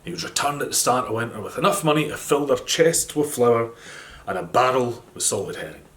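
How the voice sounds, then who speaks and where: A man with a Scottish accent telling a folk tale in a gentle, animated storytelling manner. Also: medium pitch. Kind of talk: storytelling narration.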